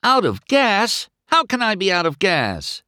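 A man's voice: mid-range voice, huge pitch swings, a little slow, fairly bright tone, no echo, clean studio sound, pitched above the performer's own voice, heavily acted. A man voicing a cocky young male race car in a storybook reading, whiny and exclaiming. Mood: frantic. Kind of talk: storybook character voice.

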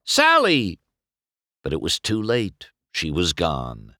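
A man reading a children's storybook aloud in an expressive, unhurried way. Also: very deep voice, no echo, clean studio sound. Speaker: storybook narrator.

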